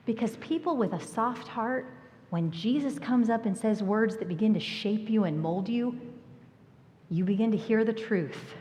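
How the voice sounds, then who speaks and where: Woman preacher, mid pitch, animated storyteller with whispered asides, long reverb of a church hall. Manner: animated storytelling, acting out voices and dropping to a whisper. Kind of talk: sermon. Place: church sanctuary.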